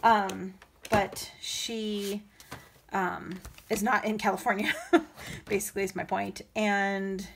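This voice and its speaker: A woman's voice: medium pitch, flat delivery, slow, vocal fry, a bit bright, slight background noise. Chatty woman rambling while she crafts. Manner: rambling, many fillers and restarts; emotional, laughing between words. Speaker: crafting vlogger. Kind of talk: casual chat while crafting.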